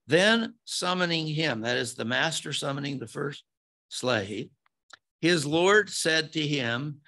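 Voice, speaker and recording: A man preaching a sermon as pastor, slow and deliberate with emphatic rises on key words. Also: mid-range voice, vocal fry, pushed and bright.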